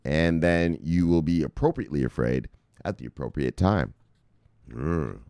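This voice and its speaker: A man hosting a crypto news show, talking casually and brashly to his viewers, swearing often and reading out viewer shout-outs. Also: rumbling low, measured pace, gravelly, no echo, studio quality. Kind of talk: casual profane market commentary to viewers.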